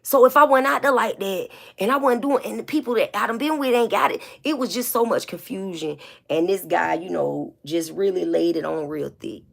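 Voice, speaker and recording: A woman's voice: medium pitch, normal speed, creaky, hardly any pauses. A woman speaking in a candid, blunt confessional monologue to her viewers, emotional and holding back tears, with many repeats and fillers. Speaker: vlogger.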